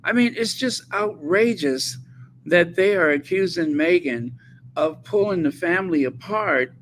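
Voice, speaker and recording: A man's voice: high-pitched, fairly bright tone, a little hiss or hum. A man hosting a commentary channel, talking in a sarcastic, mocking way. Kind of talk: casual commentary.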